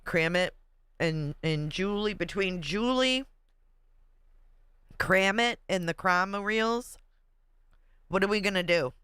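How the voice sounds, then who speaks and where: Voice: mid-range voice, slow pace, pauses often, pushed and bright, smooth, no room sound, studio quality. A livestream host chatting casually and reading viewer comments aloud, laughing often.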